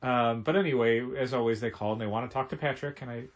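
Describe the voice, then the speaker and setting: A man's voice: medium pitch, fast. Chatty man telling a phone story. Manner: animated storytelling with quoted phone voices. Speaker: podcast co-host, comic shop co-owner. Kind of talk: casual podcast chat.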